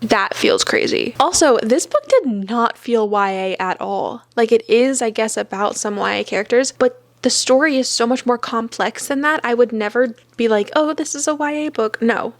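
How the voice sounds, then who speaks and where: A young woman talks through a casual book review at home in a slightly high, bright voice. Her delivery is wry and chatty, full of easy fillers. The sound is close and dry, with no room echo. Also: normal speed, few pauses. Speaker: book vlogger.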